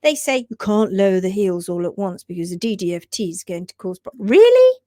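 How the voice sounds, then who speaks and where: A woman's voice: mid-range voice, a little fast, dry recording, clean studio sound. A woman hosting a livestream about hoof trimming, talking in emphatic, indignant bursts and reading out viewer comments. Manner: animated, emphatic, indignant rants.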